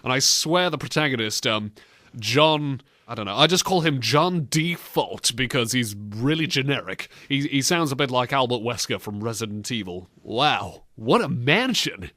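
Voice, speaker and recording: Animated mocking male podcast host. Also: medium pitch, normal speed, dry recording, clean studio sound. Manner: animated, mocking, bursts into silly impressions. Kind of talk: casual comedic banter.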